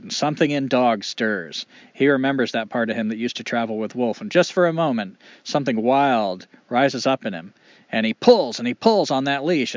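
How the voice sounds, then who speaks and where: A man telling a folk tale in an animated, expressive way with dramatic pauses. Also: mid-range voice, dry recording, muffled recording. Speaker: storyteller. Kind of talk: oral storytelling.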